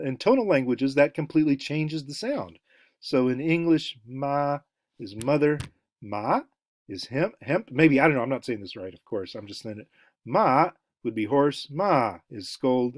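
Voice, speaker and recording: A male lecturer with a middle-pitched voice talks through his material, pausing on fillers and restarting sentences. He sounds out example syllables aloud as he teaches. The recording is dry and close. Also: darkish tone, no echo.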